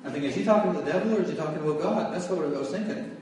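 A man's voice: on the high side, racing, darkish tone, a little hiss or hum. A man giving his testimony as a sermon, telling his story and raising his voice at its peaks. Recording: echoey hall from far off.

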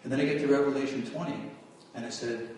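Male preacher telling his story from the pulpit, mid-pitched, caught by a distant mic in a very echoey hall. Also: fast talker, darkish tone, slight background noise. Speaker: preacher giving testimony. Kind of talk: testimony sermon.

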